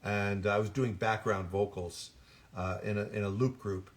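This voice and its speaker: Speaking in a lowish, steady voice at normal speed, an older voice actor meanders through stories while chatting at an autograph signing, frequently backtracking to restart and correct himself.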